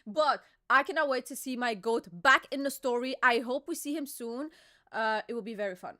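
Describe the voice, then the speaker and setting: A woman's voice: on the high side, moderate pace, bright, forceful tone. A woman co-hosting a live stream, chatting casually and bickering playfully with her co-host.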